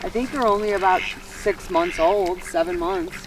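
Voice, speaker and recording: A woman's voice: mid-range voice, very animated, moderate pace, vocal fry, background noise. Cheerful woman chatting outdoors on a farm. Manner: cheerful, coaxing the animals. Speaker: farm vlogger. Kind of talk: casual chat while doing farm chores.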